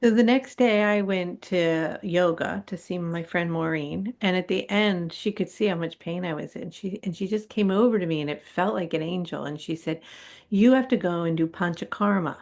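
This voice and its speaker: A woman's voice: on the low side, normal speed, darkish tone. A middle-aged woman, a guest on a spiritual talk show, telling her personal story candidly and animatedly, acting out her own past reactions.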